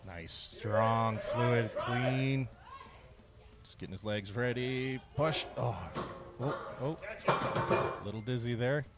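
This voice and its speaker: Excited male strength-event commentator. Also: fairly low pitch. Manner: excited, cheering lifters on. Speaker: play-by-play commentator. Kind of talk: live sports commentary. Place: strength competition gym. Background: music playing.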